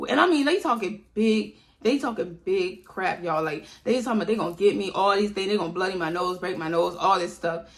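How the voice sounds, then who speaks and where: Speaking fairly quickly in a medium-pitched voice, a young woman chats her way through a personal story for her viewers. She calls them "y'all," and as a storytime vlogger she acts out the quoted lines of others.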